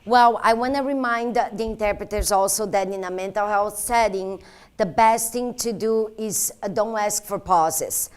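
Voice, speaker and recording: A woman's voice: medium pitch, a little mellow. Woman explaining interpreting protocol. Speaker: interpreter trainer. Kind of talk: instructional talk.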